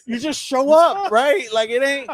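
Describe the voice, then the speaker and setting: A man, a sports columnist telling a story in casual chat, animated and laughing as he acts out quotes. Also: very high-pitched, unhurried, crowd noise.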